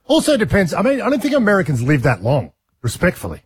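A man's voice: high-pitched, wildly swooping pitch, quick pace, noisy background. A man hosting a morning radio show, telling rambling, jokey stories and taking calls in casual banter. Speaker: radio host. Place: radio studio. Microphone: studio mic.

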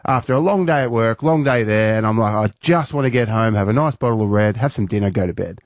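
A man's voice: on the low side, quick pace, no room sound, studio quality. An Australian man, a radio co-host, telling a story with energy and acting out his own lines in a raised voice.

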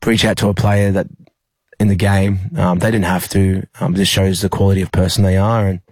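A young Australian man, a rugby league player, telling a personal story in an interview, halting with many fillers and restarts. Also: deep voice, little pitch movement, darkish tone, breathy edge, dry recording.

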